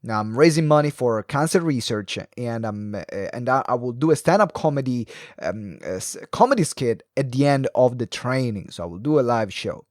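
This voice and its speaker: A man hosting a solo live video talk for entrepreneurs, animated and fast-talking, swinging his pitch and pace, with many ums and uhs. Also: dry recording, clean studio sound. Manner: animated, varies pace and pitch with frequent fillers. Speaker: podcast host. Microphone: close mic, live video stream.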